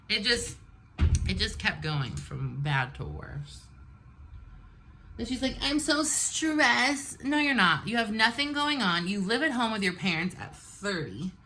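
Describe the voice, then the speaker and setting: A woman's voice: lowish voice, expressive, measured pace, pushed and bright, a little hiss or hum. A woman in her forties telling a storytime while doing her makeup, venting bluntly and animatedly. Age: 40s. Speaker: vlogger. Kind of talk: get-ready-with-me storytime.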